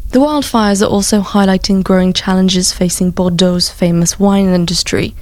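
A female newsreader with a slightly low voice, delivering the bulletin in a steady, measured way. The recording is close and dry. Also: dry recording. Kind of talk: radio news bulletin.

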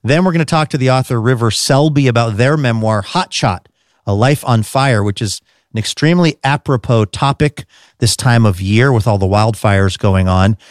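A man's voice: medium pitch, no room sound. A man hosting a radio show in a studio, reading show previews in an upbeat, conversational way.

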